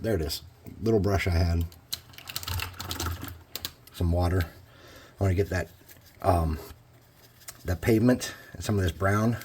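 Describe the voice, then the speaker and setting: A man's voice: low-pitched, a little mellow, a little hiss or hum. A man talking casually through a painting tutorial, thinking aloud as he works. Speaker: hobby crafter.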